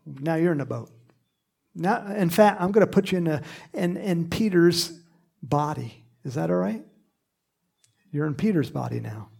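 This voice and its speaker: A man preaching a sermon in an animated, conversational way, with asides and laughs. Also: a little high, normal speed, vocal fry, pauses often, husky.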